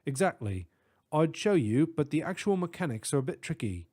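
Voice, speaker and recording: A man's voice: a little high, sing-song, moderate pace, a little mellow, pitched above the performer's own voice. A man voicing a frail, fussy middle-aged male professor with a British accent, polite and reassuring. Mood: explaining.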